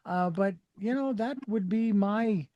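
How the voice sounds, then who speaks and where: A man's voice: sits high, unhurried, dry recording, highs cut off. A male radio host interviewing a guest, speaking candidly and laughing at himself. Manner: candid, self-deprecating, laughs easily. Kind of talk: interview conversation.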